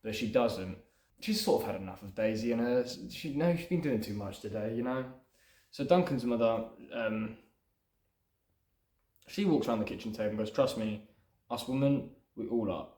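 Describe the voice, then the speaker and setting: A man's voice: mid-range voice, lively intonation, normal speed, pauses often, darkish tone. A man hosting his own channel, casually breaking down a film script he is writing in a loose, rambling way full of "sort of" and "you know". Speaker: screenwriter and channel host. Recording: roomy echo.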